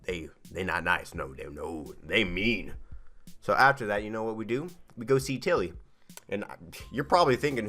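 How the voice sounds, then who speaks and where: A man in his thirties, a gaming channel host, telling a comic, rambling story of a game playthrough and slipping into quick character voices. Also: medium pitch, sharp tone. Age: 30s.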